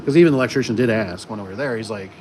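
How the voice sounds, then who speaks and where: A man's voice: fairly low pitch, very fast. A man who installs garage doors chatting casually on a livestream, rambling with many fillers and restarts. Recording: noisy, with air conditioning and vehicle sounds.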